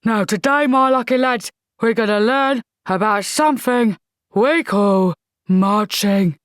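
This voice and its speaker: A woman doing a gruff bellowing army sergeant. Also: a little high, unhurried, no echo, studio quality, voice pushed up, lightly acted. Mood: stern. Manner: barking orders, bluff and commanding.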